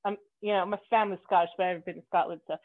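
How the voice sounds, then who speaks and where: A playful woman hosting a casual podcast interview, bubbly and quick to laugh. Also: fairly low pitch, fairly even intonation, no echo. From Canada. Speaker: podcast host. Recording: tinny phone-like line.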